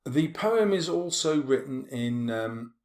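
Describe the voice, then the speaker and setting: A man teaching a poetry lesson, explaining steadily with frequent ums and slowly stretching out quoted words. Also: mid-range voice, expressive, darkish tone, reverberant. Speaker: English teacher.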